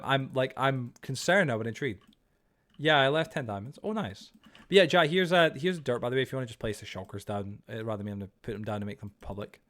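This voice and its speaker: Male game streamer, mid-pitched, loose rambling chat full of filler, teasing and joking with friends. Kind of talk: casual live-stream chat while playing.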